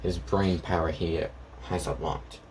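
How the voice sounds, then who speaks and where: Brief: deep-voiced man, slow and unhurried, narrating an improvised fan story, faint noise behind. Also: steady tone, darkish tone. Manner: rambling, halting, acts out lines of characters.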